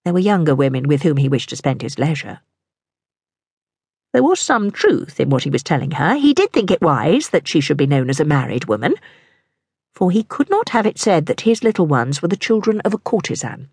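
A woman narrating a historical novel for an audiobook in a measured, even manner. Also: deep voice, husky, no room sound, studio quality.

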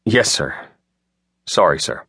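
A man's voice: low voice, very animated, takes it slowly, vocal fry, pushed and bright, slightly rough, dry recording, full character voice. A male audiobook narrator voicing a young starship captain who talks bluntly and objects, recorded dry in a studio. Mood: tense.

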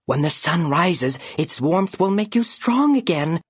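A loyal young raven, as a male narrator puts him on, his voice pitched well up and pleading. He speaks with earnest worry and a husky edge. The reading is close and dry. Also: big pitch swings, unhurried, no room sound, heavily acted. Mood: anxious earnest. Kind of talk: audiobook character voice.

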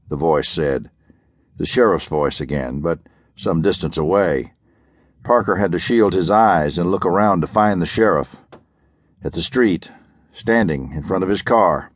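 A man with a very deep, low voice narrates an audiobook in a steady, measured manner. The sound is dry and close, with no room echo.

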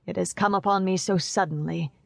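A woman voicing a middle-aged father who speaks low, sadly and in a measured way in an audiobook. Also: fairly even intonation, vocal fry, no echo. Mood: grave.

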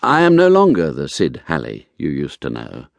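A man's voice: a bass voice, wildly swooping pitch, normal speed, creaky, no room sound, voice pushed down, heavily acted. A man voicing a weary, reluctant former male private investigator in an audiobook, terse and guarded. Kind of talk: audiobook character voice.

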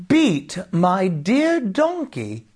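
A man voicing a cheerful, gentle young husband with a playful, coaxing way of talking. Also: fairly high pitch, sing-song, a little slow, slightly rough, exaggerated voice.

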